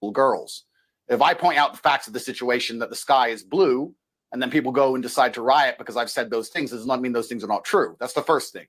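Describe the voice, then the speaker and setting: Give me a rapid, assertive man making his case as an interview guest. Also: mid-range voice, a bit bright. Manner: assertive, lecturing. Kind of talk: debating in a TV interview.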